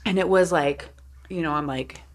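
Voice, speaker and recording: A woman's voice: sits low, moderate pace. A woman in her thirties, co-hosting a podcast in casual chat, candid and profane, with many "like" fillers. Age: 30s. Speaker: podcast co-host.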